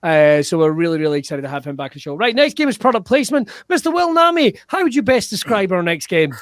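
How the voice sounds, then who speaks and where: A high-voiced man hosts an improv show over a video call, laughing often and swearing in fun. His voice is close and dry, with no room sound. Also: very animated, fast, no echo. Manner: giggly, swears playfully. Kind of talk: casual online improv show hosting.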